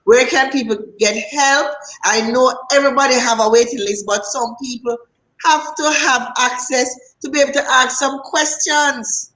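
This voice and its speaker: A woman's voice: high voice, fairly even intonation, normal speed, a bit bright, poor audio. A woman hosting a live show in a casual way, reading out viewer questions and sometimes stumbling over her words. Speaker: show host.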